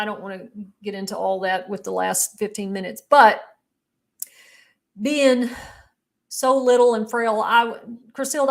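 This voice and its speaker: A middle-aged woman, telling her own story as an interview guest in a candid, emotional way. She halts often and restarts her sentences. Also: fairly high pitch.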